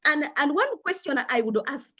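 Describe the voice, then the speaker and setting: A woman's voice: sits high, very animated, normal speed, sharp tone. An older woman from Africa, speaking as a panelist in a discussion, passionate and earnest, with frequent restarts.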